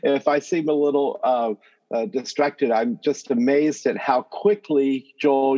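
A man with a North Carolina accent talks as a podcast guest, relaxed and chatty. His pitch is middling for a man, and the recording sounds a little dull. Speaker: guest, math education professor. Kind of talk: podcast interview.

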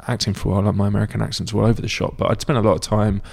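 Man, British English accent, actor guest, casual interview, rambling, quick talker, gravelly. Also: on the low side, flat delivery, a little mellow. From Britain. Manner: rambling, self-correcting storyteller.

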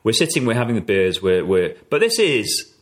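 A man's voice: on the low side, sing-song, normal speed, fairly bright tone. A man co-hosting a casual political podcast, cutting in with jokes, swearing and theatrical asides. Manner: jokey, theatrical interjections, swearing. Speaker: podcast co-host.

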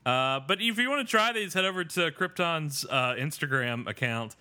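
A man hosting a podcast and walking through an episode recap in a loose, rambling way. He pokes fun at himself as he goes. His voice has a bright, forward edge. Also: a little high, lively intonation, moderate pace. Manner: rambling, self-deprecating, with many fillers and restarts. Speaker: podcast host. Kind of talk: casual episode recap chat.

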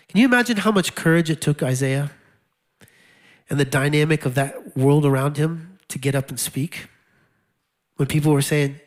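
A man's voice: fairly high pitch, moderate pace, long pauses. A male pastor preaching a sermon in a conversational way, with wry laughs and repeated key lines.

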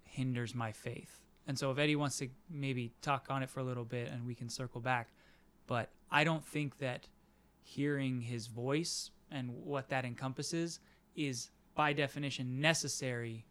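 Bright, smooth-voiced man. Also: mid-range voice, fairly even intonation, a little slow. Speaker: podcast co-host. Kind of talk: casual discussion.

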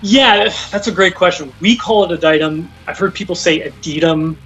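A man's voice: high-pitched, normal speed, bright, forceful tone, breathy edge. A young man, a guest musician calling in, talking casually and rambling, with many fillers and restarts. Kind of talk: casual interview by phone. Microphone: phone call. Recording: dull lo-fi call-in audio, faint music.

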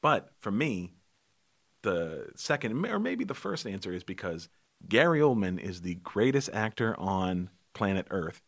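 A man's voice: on the low side, very animated, a little slow. A man co-hosting a casual movie chat, talking about films with enthusiasm and explaining things as he goes. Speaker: podcast co-host.

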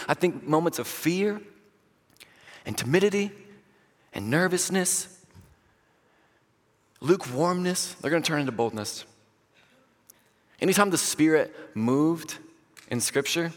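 A young man preaching as a pastor, telling a story in an animated, self-deprecating way and acting out what people said. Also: mid-range voice. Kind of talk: storytelling sermon. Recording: long reverb of a large hall.

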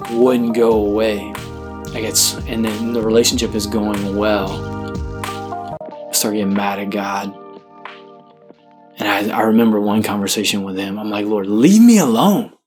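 A man's voice: fairly low pitch, level tone, measured pace, pauses often, over music. A man, a priest, telling his own vocation story in a candid, self-deprecating way, chuckling now and then and loose with fillers.

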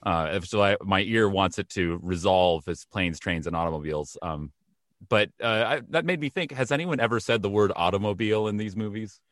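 A man with a very low voice talks through a movie trailer in casual banter. He rambles, trips over his words and fills gaps with ums and uhs. The sound is dry and close. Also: lively intonation, a little fast, fairly bright tone, dry recording. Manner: rambling, hesitant, lots of fillers and restarts. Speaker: podcast co-host.

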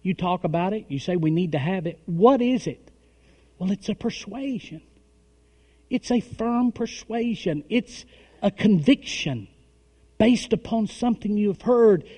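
A middle-aged man preaching a sermon, emphatic, with call-and-response and swings between loud and soft. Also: high-pitched, animated, measured pace. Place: church hall. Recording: long hall reverb.

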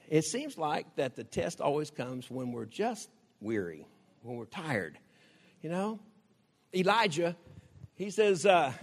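A man's voice: a little high, very animated, slow, pauses often, long reverb tail. An older man, preaching a conversational sermon in a folksy way, laughing often and acting out quoted prayers.

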